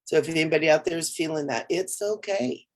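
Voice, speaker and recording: Low-voiced woman co-hosting a spiritual livestream. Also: a little fast. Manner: relaxed, rambling and playful, with soft laughs. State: tired. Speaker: co-host. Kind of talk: casual spiritual chat on a livestream.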